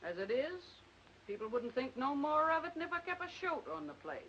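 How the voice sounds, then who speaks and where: An actress playing a plainspoken older farm aunt with a dry, folksy way of talking, in a 1940s film. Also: female voice, high voice, big pitch swings, fairly quick, a bit bright. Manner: folksy rural speech, dry tartness. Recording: muffled old film soundtrack with faint hiss.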